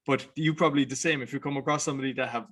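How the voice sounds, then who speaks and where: Brief: Irish man from Cork, mid-pitch, easygoing podcast host. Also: steady tone, rapid-fire, fairly bright tone. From Ireland. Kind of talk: casual interview conversation.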